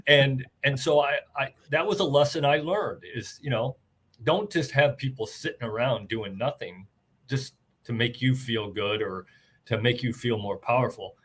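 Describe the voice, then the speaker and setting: Older man, husky, earnest, plainspoken, interview guest. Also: mid-range voice, normal speed, a bit bright. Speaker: guest, retired army officer and author. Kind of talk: interview storytelling about leadership.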